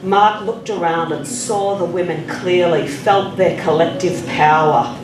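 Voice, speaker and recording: A crime writer reading from her novel in a slow, measured way. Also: on the low side, fairly even intonation. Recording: echoey room, distant mic, audible noise.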